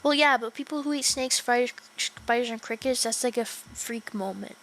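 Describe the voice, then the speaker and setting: A young woman streams a game and chats with her viewers in a high, bright voice. She giggles a lot and swears easily. A faint hum sits under her voice. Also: normal speed, poor audio. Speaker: livestreamer. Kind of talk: casual gaming livestream chat.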